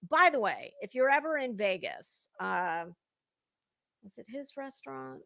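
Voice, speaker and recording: Woman streamer, slow and gravelly, dry close sound, salty chat host. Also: fairly high pitch, very animated, bright, forceful tone, dry recording. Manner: salty, chatty, drawling, with cusswords. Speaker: livestream host. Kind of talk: casual livestream chat, greeting viewers.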